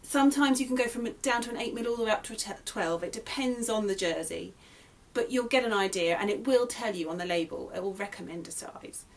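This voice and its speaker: Her slightly high voice moves briskly with hardly any pauses. She's a young crochet designer from England giving an easygoing beginner tutorial, warm and chatty, with plenty of self-corrections along the way.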